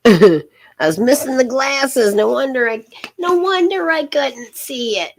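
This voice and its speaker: A middle-aged woman hosting a casual live tarot reading, rambling and halting, with many fillers and soft laughs. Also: sits high, expressive.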